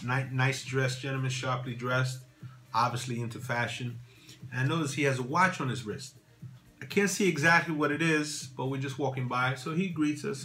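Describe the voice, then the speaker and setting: A man vlogging about watches, telling a rambling, casual story with many repeats and asides. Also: fairly bright tone. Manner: rambling, repeats phrases, says "boom" and "right?".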